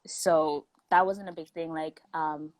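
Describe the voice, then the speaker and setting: A low, steady voice, moving a little slowly, belongs to a young adult woman chatting casually as a guest. Born in South Africa, she now sounds Canadian and uses "like" constantly as she tells her stories. The recording is low quality but free of room sound.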